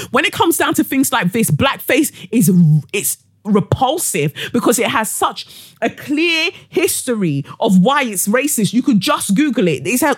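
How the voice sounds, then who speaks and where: A woman's voice: fairly high pitch, dry recording, studio quality. A woman hosting a solo podcast, ranting heatedly with profanity and sarcasm. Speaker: podcast host.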